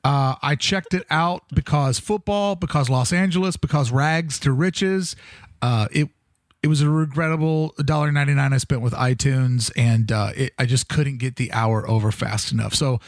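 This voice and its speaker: A man co-hosting a casual podcast chat, animated and jokey, swearing freely. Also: medium pitch, moderate pace, no room sound, clean studio sound. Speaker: podcast co-host.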